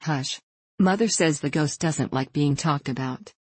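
A woman voicing a frightened, superstitious young ballet girl who tells a ghost secret in a hushed, anxious way, in a storybook reading. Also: low voice, a little slow, slightly rough, no echo. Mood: hushed, fearful.

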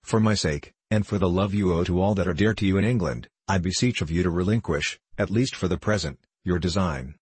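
An older father pleads with his son in slow, earnest, formal tones, as a man reads him in an audiobook. The voice sits low and husky. The recording is close and dry. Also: darkish tone, dry recording. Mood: pleading. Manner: earnest, beseeching, measured. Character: stern pleading elderly English father.

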